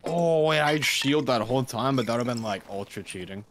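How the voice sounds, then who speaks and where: A male teammate chatters through a match in loose, joking gamer slang. His voice sits at an ordinary middle pitch. A faint background hiss and some clicks are audible. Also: expressive, moderate pace, fairly bright tone. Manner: loose, slangy, joking, says "bro" a lot. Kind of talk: casual gaming chat.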